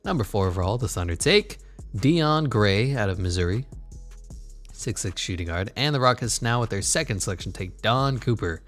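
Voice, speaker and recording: A man's voice: lowish voice, expressive, moderate pace, fairly bright tone, faint music behind. A man commentating his basketball video game in a casual, sarcastic way, swearing and muttering asides. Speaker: gaming channel host.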